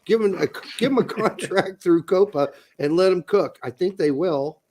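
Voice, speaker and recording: A man co-hosting a casual soccer talk show, profane and animated, bursting into loud mock rants. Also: sits high, moderate pace, slight background noise. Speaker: podcast co-host. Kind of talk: casual chat.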